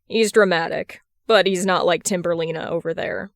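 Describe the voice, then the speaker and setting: A woman voicing a gruff, protective young man who grumbles and deadpans. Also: fairly low pitch, fairly even intonation, normal speed, dry recording, clean studio sound, natural voice.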